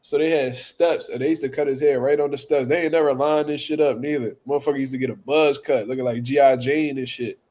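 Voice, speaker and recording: A man's voice: mid-range voice, fast, hardly any pauses. A man hosting a boxing talk show, telling funny stories casually with lots of profanity, repetition and laughter. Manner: animated, profane, laughing, repeats words. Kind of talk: casual comedic storytelling.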